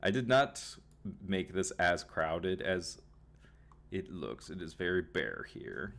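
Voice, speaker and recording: A man's voice: sits low, big pitch swings, slow, vocal fry, heavy background noise. A man narrating a tabletop game as game master, rambling with many fillers, on a home computer mic.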